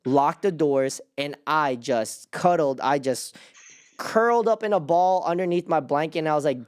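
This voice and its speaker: A young man hosting a casual chat, telling a personal story in a rambling way, with lots of "like" and sudden jumps up in pitch as he relives his panic. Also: moderate pace, clean tone. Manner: rambling with many restarts and "like". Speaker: host.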